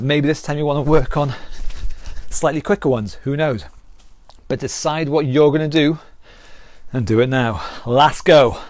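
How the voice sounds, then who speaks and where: A man's voice: fairly high pitch, no room sound. A British man leading a live online workout as fitness instructor, counting down and cheering people on, at times out of breath. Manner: upbeat, encouraging counting and cueing. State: out of breath after exercise.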